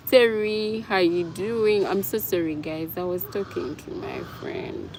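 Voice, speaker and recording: Woman livestream host, slow easy chat, low-ish pitch, noisy roadside. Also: huge pitch swings, darkish tone. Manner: apologetic, chatty, reads comments aloud. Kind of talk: casual livestream chat with viewers.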